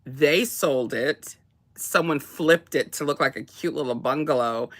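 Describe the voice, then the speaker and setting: A woman's voice: deep voice, unhurried. A woman chatting casually as a co-host, rambling with many restarts and laughs. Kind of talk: casual chat.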